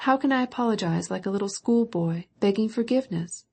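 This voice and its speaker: A woman's voice: medium pitch, brisk, creaky, a little mellow. A woman reading the part of a proud young male count who pleads with emotion. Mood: pleading.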